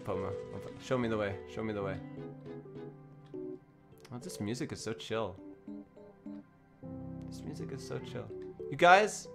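A young man streaming a game in a casual, giggly way, thinking aloud and chatting excitedly with his viewers. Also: medium pitch. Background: faint background music.

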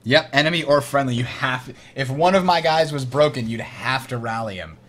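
A young man hosting a board game tutorial, explaining rules as he plays, enthusiastic and quick to laugh. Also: mid-range voice, fairly bright tone.

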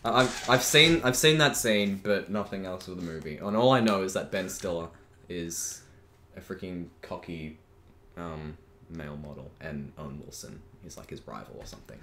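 A man's voice: deep voice, normal speed, sharp tone. A teenage boy co-hosting a casual podcast chat, rambling and trailing off into mumbles. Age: teens. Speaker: podcast co-host. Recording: echoey room with faint noise.

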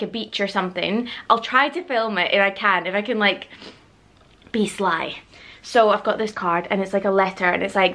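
A young woman, chatting excitedly to a handheld camera in a casual vlog and laughing often. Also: mid-range voice. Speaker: vlogger.

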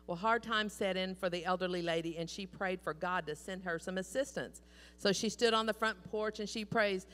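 A woman preacher giving a sermon in a church, telling stories in an animated, folksy way. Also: mid-range voice, moderate pace. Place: church sanctuary. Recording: long church hall reverb.

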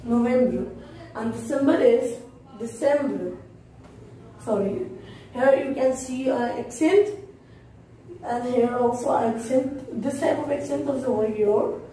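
A woman teaching French in a casual spoken lesson, slowly saying each word and repeating it for pronunciation. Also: high-pitched, warm tone. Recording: roomy echo from far off, faint noise.

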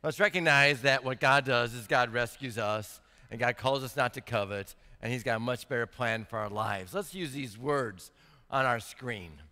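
A male pastor preaching a sermon. He reads scripture slowly and deliberately and builds to emphatic, rising intensity. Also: mid-range voice, bright, forceful tone. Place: church sanctuary. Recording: long church reverb.

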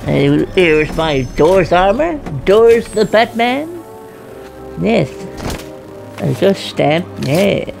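A woman giving loud, profane, playful let's-play commentary. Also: mid-range voice, very animated, drawn-out words, vocal fry. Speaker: gaming streamer. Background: game music.

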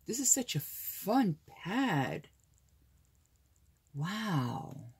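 Older american lady unboxing craft papers, low husky voice, slow and gushy, lots of little gasps. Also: sing-song, a little mellow. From United States. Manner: gushing, gasping with delight. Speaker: crafting channel host. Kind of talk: casual unboxing chat.

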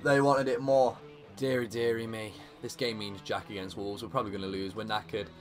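A young man commenting live on his own football video game career, dry one moment and yelling at big chances the next. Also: fairly low pitch, fairly quick, faint music behind. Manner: excitable, shouting at big moments, dry asides. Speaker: gaming YouTuber.

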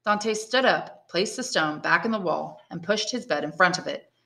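An English teacher, a woman, narrating a classic novel aloud with clear, steady storytelling. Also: lowish voice, normal speed.

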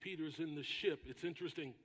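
Husky preaching man, high-pitched voice. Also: in a large hall. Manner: preaching with dramatic pauses and shouted quotes. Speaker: pastor. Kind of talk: sermon. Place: church sanctuary.

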